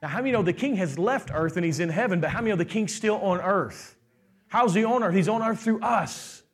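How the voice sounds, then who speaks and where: A middle-aged male pastor delivers a sermon in a high voice. He preaches with animation, acting out the voices in his stories and stopping to quiz the congregation. His delivery moves between fast runs and slow, stressed phrases. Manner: animated preaching, acts out quoted voices, asks the crowd questions.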